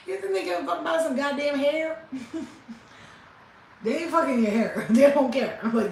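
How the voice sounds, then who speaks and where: A woman's voice: high-pitched, measured pace, long pauses, distant mic. A blunt, profane woman chats to her viewers on a casual livestream. She laughs often and acts out what other people said. She sits well back from the mic in a roomy, echoing space with a faint hum behind her. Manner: animated, acts out quotes. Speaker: spiritual healing vlogger.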